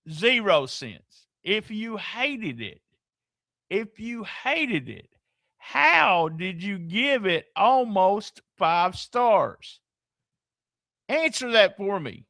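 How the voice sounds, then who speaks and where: Southern guy podcast host going off, high voice that swings all over, slow drawn-out talk. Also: big pitch swings, sharp tone, no echo. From American South. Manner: exasperated, incredulous, swears freely. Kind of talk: casual ranting commentary.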